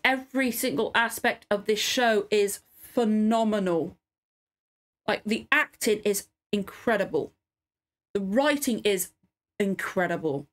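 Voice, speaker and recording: Tearful, sniffling woman reacting, slightly high voice. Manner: emotional, swears often, rambling. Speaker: reaction video host. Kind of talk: casual reaction commentary.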